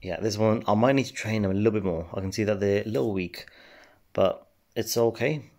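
Brief: gaming host, low-pitched, gravelly, laid-back rambling commentary. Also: male voice, fairly quick. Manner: relaxed, rambling, many fillers. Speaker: game channel host. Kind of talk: casual gameplay commentary.

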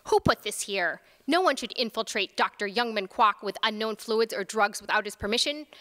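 A man's voice: high voice, lively intonation, normal speed, sharp tone. A woman voicing an older male immigrant doctor, muttering in an indignant whisper. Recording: reverberant lecture hall.

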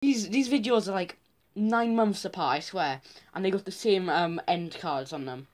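A man's voice: high-pitched, normal speed, music in the background. A teenage boy vlogging, reacting to his own old videos in casual, self-mocking commentary.

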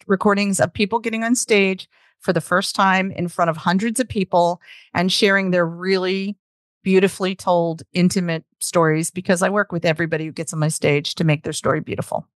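A woman's voice: mid-range voice, fairly even intonation, a little fast, dry recording. Woman, Southern accent, enthusiastic, casual podcast chat, dry sound. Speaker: storytelling guest. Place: home, remote call.

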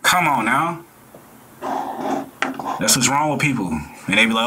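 A man hosting a reaction video, talking in blunt slang and lecturing his viewers in a casual, animated way. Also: on the high side, brisk, a little hiss or hum.

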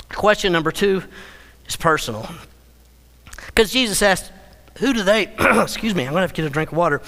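A male pastor preaching a sermon, emphatic, with dramatic slowdowns and playful acted-out quotes. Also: high voice, fairly bright tone, big-room sound. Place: church sanctuary.

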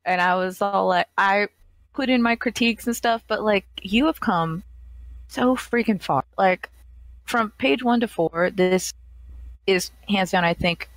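A woman's voice: medium pitch, measured pace, dry recording. A woman co-hosting a casual podcast, giving enthusiastic, slangy praise to a comic. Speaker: co-host reviewing comics.

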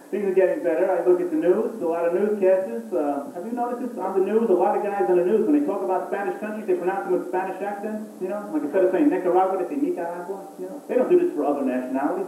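High-voiced comedian in an echoey club. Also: male voice, warm tone. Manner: hammy emcee delivery, drawn-out asides. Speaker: stand-up comedian. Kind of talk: stand-up comedy set. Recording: far-off, echoey club recording with hiss.

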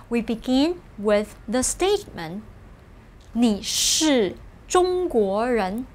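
A woman with a high voice narrates a scripted language lesson. She speaks slowly and carefully, explaining each point in an encouraging way. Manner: slow, careful, encouraging explanation with model phrases. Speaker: language teacher.

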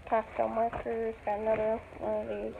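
A woman's voice: fairly high pitch, monotone, moderate pace, creaky. A young woman rambling casually while showing off her Christmas gifts, often correcting herself, recorded at home on a phone. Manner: rambling, chatty, self-correcting. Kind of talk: casual show-and-tell. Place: home living room. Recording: tinny phone audio with loud noise.

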